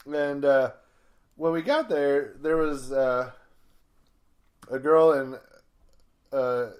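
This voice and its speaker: A man's voice: mid-range voice, darkish tone. A man, a comedian, telling long rambling stories in casual podcast chat, full of fillers and swearing.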